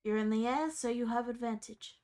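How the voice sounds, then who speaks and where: A woman's voice: fairly high pitch, fairly quick, darkish tone. A woman narrating as game master of a tabletop role-playing game, casual and descriptive.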